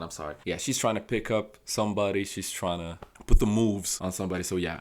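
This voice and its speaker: A man's voice: sits low, a little fast, hardly any pauses. A man giving a casual reaction commentary, gushing and exclaiming often, talking in what he calls a nineties detective way. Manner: excitable, gushing, with frequent exclamations; calls his own English delivery a nineties detective's. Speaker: music reaction YouTuber. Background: song playing in the background.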